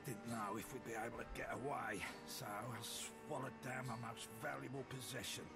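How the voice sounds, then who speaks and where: A hurting pirate with a rough, gravelly voice, voiced by a man for a video game. His speech is strained with pain. Loud music plays behind him. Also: mid-range voice, fairly even intonation, moderate pace, natural voice. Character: suffering male pirate, groaning in pain.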